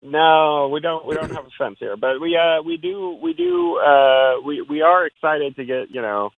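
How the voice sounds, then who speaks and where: A man's voice: fairly high pitch, moderate pace. A man calling in as a guest film critic, giving opinionated, wry takes in a casual chat. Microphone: phone call. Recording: tinny dry phone line.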